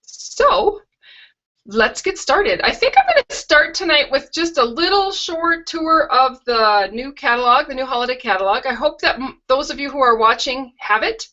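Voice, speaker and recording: A chatty middle-aged woman hosts a live craft stream from home, drifting into rambling asides. Her voice sits a little high and sounds crisp and bright, though the webcam call audio comes through dull and lo-fi. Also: lively intonation, normal speed. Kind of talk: casual live-stream chat and product tour. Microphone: video call webcam.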